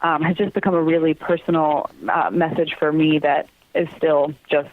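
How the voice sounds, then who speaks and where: A woman's voice: low-pitched, flat delivery, normal speed, dry recording. Earnest woman on a tinny phone line. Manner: earnest, laughs often while telling stories. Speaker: interview guest, theater company communications manager. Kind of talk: podcast interview, personal storytelling.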